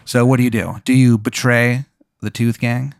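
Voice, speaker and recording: A man's voice: medium pitch, level tone, normal speed, creaky, no echo, clean studio sound. A man running a tabletop game as game master, talking casually and swearing. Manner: casual, profane, rambling.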